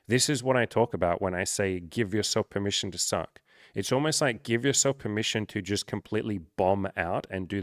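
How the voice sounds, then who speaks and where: A low-voiced man coaching in loose, casual talk, blunt and full of swearing, often mocking himself. The sound is close and dry, with no room around it. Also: no room sound. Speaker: dating coach.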